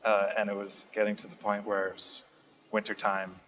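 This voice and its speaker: A young man speaks in a low, fairly flat voice. He answers interview questions steadily and thoughtfully, stopping often on "uh" as he picks his words. He is being interviewed in a community TV studio. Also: moderate pace, poor audio. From Massachusetts. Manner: steady, thoughtful, frequent "uh" fillers. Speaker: state representative guest.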